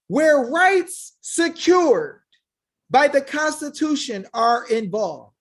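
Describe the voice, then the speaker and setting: A woman's voice: high voice, sing-song, takes it slowly. A woman giving an impassioned monologue to her viewers, preachy and fiery, firing off rhetorical questions and calling them y'all. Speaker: online legal rights commentator.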